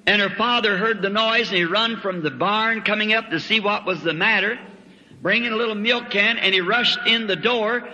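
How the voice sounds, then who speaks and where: Male preacher, high, very bright tone, folksy revival storytelling, dull old recording in a reverberant hall. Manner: folksy storytelling with rural grammar. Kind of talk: revival sermon testimony.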